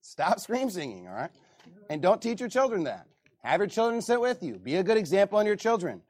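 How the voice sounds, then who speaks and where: A man preaching a sermon as pastor, animated, often reading scripture aloud to the congregation. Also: high voice, a little fast.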